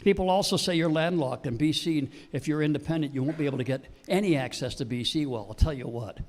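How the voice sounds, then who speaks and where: A man's voice: a little high, fast. A man speaking at a political town hall, giving an impassioned, emphatic speech. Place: public meeting hall.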